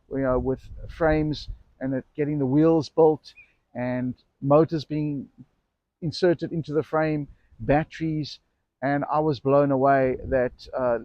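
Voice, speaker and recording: A man's voice: mid-range voice, a little mellow, no room sound, dull audio. A middle-aged man who runs an e-bike shop, telling a personal story casually to camera, rambling and correcting himself as he goes. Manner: rambling, self-correcting anecdote with acted quotes.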